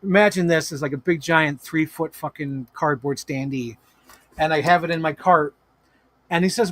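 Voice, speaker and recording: Excitable, profane man on a live stream. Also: a little high, normal speed. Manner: animated, profane, laughing storyteller. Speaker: toy collector live streamer. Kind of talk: casual live-stream storytelling. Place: home room with toy shelves.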